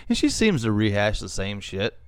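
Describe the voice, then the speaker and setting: A man's voice: lowish voice, huge pitch swings, normal speed, smooth, no echo. A man co-hosting a paranormal podcast, chatting casually with lots of fillers and restarts. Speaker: podcast co-host. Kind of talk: casual chat.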